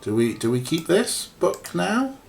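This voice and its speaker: A man's voice: high voice, big pitch swings, unhurried, gravelly, a little hiss or hum. A man playing a point-and-click game and commenting casually, with muttered asides and swearing. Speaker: let's play streamer.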